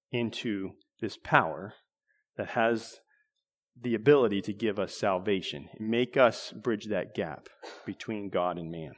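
A man delivers a sermon, his voice sitting a little low. He talks in a conversational way, doubling back on phrases and clearing his throat between thoughts. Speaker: preacher.

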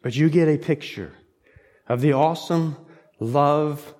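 A man's voice: on the high side, unhurried, a little mellow. A man preaching a sermon, telling a scripture story dramatically in short, broken phrases. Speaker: pastor. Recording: long hall reverb.

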